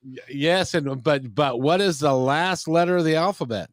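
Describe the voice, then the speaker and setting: A man's voice: on the high side, normal speed, no room sound. A man from the United States hosting an interview, rambling and joking with his guests. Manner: rambling, jokey. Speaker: interview host. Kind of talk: casual interview chat.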